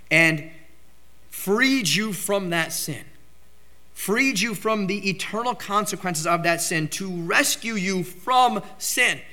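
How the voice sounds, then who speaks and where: A man preaching a sermon with emphatic delivery, surging into loud outbursts on key points. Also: high voice. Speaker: pastor.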